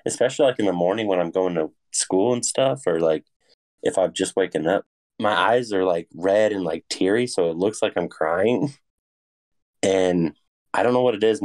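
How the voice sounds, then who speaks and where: A man's voice: sits low, a little mellow. A young man co-hosting a podcast, laid-back and laughing a lot as he chats. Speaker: podcast co-host. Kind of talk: casual chat.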